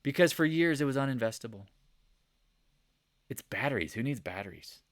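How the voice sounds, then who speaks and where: A man giving a casual, joking stock market recap over charts, animated and rambling, with sound effects. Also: mid-range voice, moderate pace, no echo. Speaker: market commentator.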